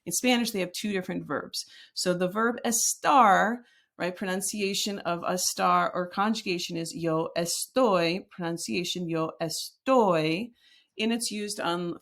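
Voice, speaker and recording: In a recorded lesson, a woman who teaches Spanish walks through the material step by step, speaking example sentences aloud. Her voice sits lowish and sounds a bit bright.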